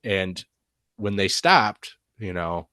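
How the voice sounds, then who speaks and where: A man's voice: low voice, expressive, takes it slowly, bright, forceful tone, clear, resonant tone, no room sound, clean studio sound. A man telling his own encounter story as a guest, rambling, with lots of fillers and trailing "and stuff". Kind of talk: casual storytelling.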